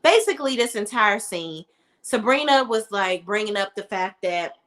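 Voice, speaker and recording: A young adult woman giving a casual, opinionated TV review in an animated, sassy manner, talking straight to her viewers. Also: mid-range voice, moderate pace. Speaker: TV show reviewer.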